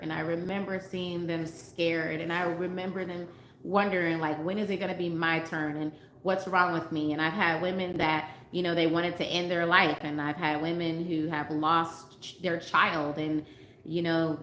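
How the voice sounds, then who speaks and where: A woman's voice: fairly low pitch, a bit bright. A woman dating coach talking casually to livestream viewers, earnest and emphatic, repeating her points and reading comments aloud. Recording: roomy with faint background noise.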